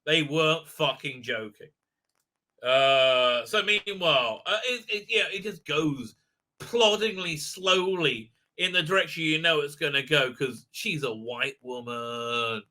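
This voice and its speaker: A man rambles through a sarcastic episode review, his voice pitched high and sharply bright. He halts constantly on filler words before pushing on with his next scornful point. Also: lively intonation, a little slow.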